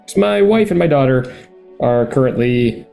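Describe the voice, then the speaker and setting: Jokey male player, mid pitch, warm relaxed tone, rambles cheerfully. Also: moderate pace, gravelly, soft background music. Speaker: podcast guest player. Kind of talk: casual chat.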